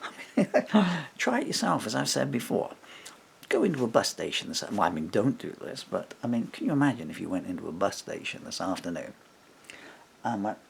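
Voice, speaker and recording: A man telling a story straight to camera in an animated, casual way, acting out what others said and chuckling between points. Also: fairly low pitch, a little fast, gravelly, slight background noise. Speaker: vlogger.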